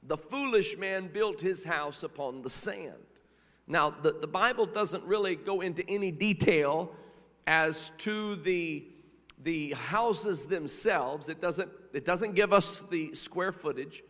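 A man's voice: on the high side, takes it slowly, a bit bright. A man preaching a sermon with a rhythmic cadence, repeating phrases and calling out hallelujah. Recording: long reverb of a large hall.

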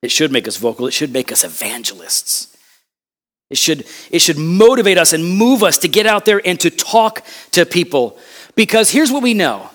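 A man preaching a sermon, impassioned and conversational, with loud emphatic peaks and quick asides. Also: a little high, very animated. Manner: conversational asides and acted quotes. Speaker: pastor.

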